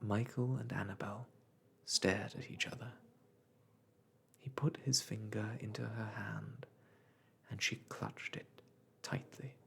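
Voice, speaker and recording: A storyteller reading a classic children's book aloud in a soft whispered role-play voice. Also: medium pitch, steady tone, takes it slowly, vocal fry, pauses often, slightly rough.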